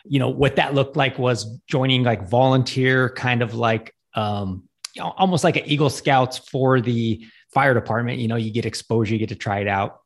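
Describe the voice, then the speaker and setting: A middle-aged firefighter on a podcast, chatting in a laid-back, halting way with lots of fillers. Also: male voice, mid-range voice. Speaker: podcast guest co-host, firefighter. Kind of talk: casual podcast chat.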